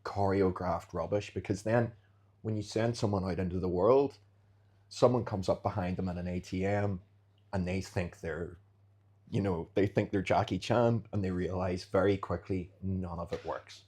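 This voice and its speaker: Husky male podcast guest, animated and chatty, fond of acting out scenes. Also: sits low, moderate pace. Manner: animated storyteller, acts out street scenarios. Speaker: podcast guest, jiu-jitsu fighter. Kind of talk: casual interview chat.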